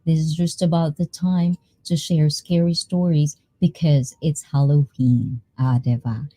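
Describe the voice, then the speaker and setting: A Filipino woman hosting a casual livestream chat, bubbly and quick to laugh between lines. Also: low-pitched, fairly even intonation, mellow. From Philippines. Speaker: livestream host.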